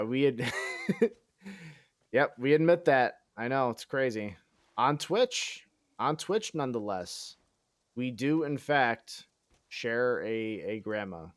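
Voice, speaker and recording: A man streaming a game chats with sarcastic, mock-boastful swagger, swearing, thinking aloud and poking fun at himself. His mid-range voice comes through clean, studio-quality audio with no room sound.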